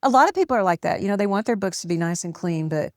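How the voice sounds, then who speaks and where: A woman's voice: medium pitch, animated, quick pace, no echo, clean studio sound. A woman in her sixties, an author being interviewed, talking candidly and laughing often. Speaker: author guest. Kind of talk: casual interview chat.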